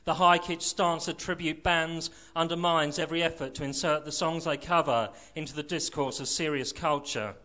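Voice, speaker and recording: A man's voice: fairly high pitch, fairly even intonation, normal speed, few pauses, bright, forceful tone. A man reading a short story aloud in a dry, sardonic first-person narration. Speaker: reader.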